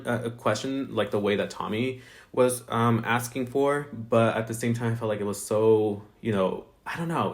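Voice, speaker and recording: A man giving a casual, rambling reality TV review, full of "um" and "like" as he talks to his viewers. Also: mid-range voice. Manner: rambling, filler-heavy, chatty.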